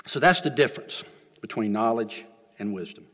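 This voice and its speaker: A man's voice: normal speed, a bit bright. Guy preaching, chatty storytelling, voice rings out in a big reverby church. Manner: folksy storytelling with swings of pitch and volume. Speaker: pastor. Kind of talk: sermon. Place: church sanctuary.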